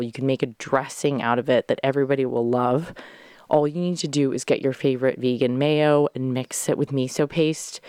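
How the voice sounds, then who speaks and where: Podcast host from Southern California, fast, gushing, dry close-mic sound. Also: medium pitch, a little mellow, dry recording. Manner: fast, gushing, sprinkled with swearing and laughter. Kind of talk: casual solo podcast chat.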